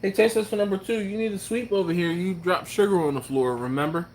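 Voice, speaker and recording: A man's voice: sits high, quick pace, darkish tone, slight background noise. Chuckling, laid-back live-stream host, a man. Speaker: barbecue channel host. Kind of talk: casual late-night live-stream chat, reading comments aloud.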